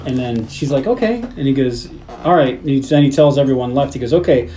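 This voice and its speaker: A man's voice: medium pitch, quick pace, slight background noise, poor audio. A man co-hosting a podcast, casually recapping a film and acting out its lines with lots of swearing. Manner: animated retelling, acting out movie lines. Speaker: podcast host. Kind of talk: casual movie recap chat.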